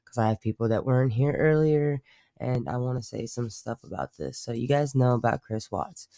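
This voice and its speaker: A man's voice: medium pitch, normal speed, dark tone, no echo, clean studio sound. A man hosting a live stream, chatting casually in a rambling, profane way and often correcting himself. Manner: rambling, profane, self-interrupting. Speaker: livestream host.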